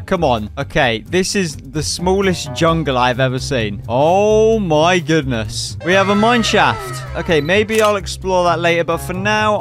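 An excitable man talks through his own game run, joking with the creatures and villagers he meets. His voice sits a little higher than most men's. Soft background music plays faintly underneath. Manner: chatty, excitable, jokey asides to the game. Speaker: gaming YouTuber. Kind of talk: playful gameplay commentary.

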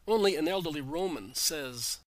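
A man reads a religious story aloud in steady, measured narration. His voice sits a little high for a man and sounds close and dry, with no room around it. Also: dry recording, low-quality recording.

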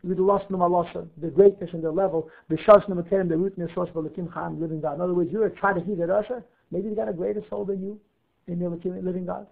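A rabbi teaching a class, lively, weaving Hebrew terms into his English and asking himself questions to answer them. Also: sits high, fast, creaky. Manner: animated, asks and answers his own questions. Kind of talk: Torah class lecture. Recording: narrow phone-like audio.

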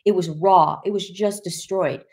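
A woman recounting her personal testimony with vivid emphasis. She tells the story in a lively way and acts out the quoted voices. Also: on the low side, measured pace. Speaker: guest sharing a personal testimony.

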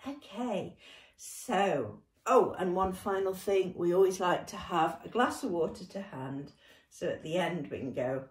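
A young British woman leads a gentle exercise session as a dance and movement workshop leader, speaking slowly and unhurriedly in a lowish, animated voice. She's warm and encouraging and laughs often. Recorded from a distance, her voice echoes around the room.

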